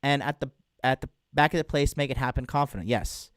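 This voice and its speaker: A man's voice: mid-range voice, brisk, fairly bright tone, no echo, clean studio sound. A man hosting a casual livestream as a dating coach, talking bluntly and crudely to viewers and reading out chat.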